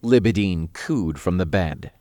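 Low-voiced male story narrator. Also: lively intonation, unhurried, warm tone, no echo, clean studio sound. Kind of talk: scripted first-person narration.

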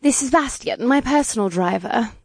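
A man's voice: extremely high pitch, expressive, normal speed, no room sound, clean studio sound, voice pushed up, heavily acted. A man playing a commanding Demon Queen. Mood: regal. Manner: poised, regal.

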